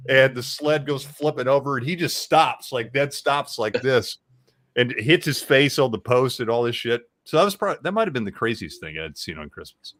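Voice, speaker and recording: A man's voice: mid-range voice, animated, moderate pace, a bit bright, no room sound. A man from Tennessee telling a story in a rambling, casual way with lots of fillers. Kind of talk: casual chat.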